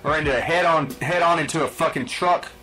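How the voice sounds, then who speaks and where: A man's voice: a little high, brisk, pushed and bright, soft background music. A man hosting a podcast, telling stories in a blunt, profane, exasperated rant. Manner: blunt, swearing, exasperated storytelling. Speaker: podcast host.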